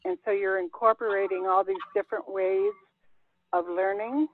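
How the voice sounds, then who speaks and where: A woman teaches a small group over a video call, patient and explanatory as she walks everyone through the exercise. Her voice is mid-pitched, and the line is dry and tinny like a phone connection. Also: fairly even intonation, normal speed, no echo. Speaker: language teacher. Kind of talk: leading a group language class.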